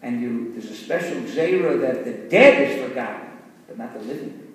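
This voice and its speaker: A man's voice: mid-range voice, lively intonation, moderate pace. A man, a rabbi, teaching students in an earnest, explanatory way, mixing Hebrew terms into his talk. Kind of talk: Torah lecture with storytelling. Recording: echoey hall, voice from far off.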